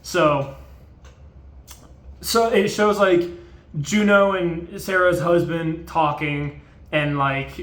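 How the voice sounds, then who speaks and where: A man's voice: a little high, slow pace, long pauses, a bit bright, reverberant. A man casually recapping a movie in a rambling, profane way, with many fillers. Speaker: video host.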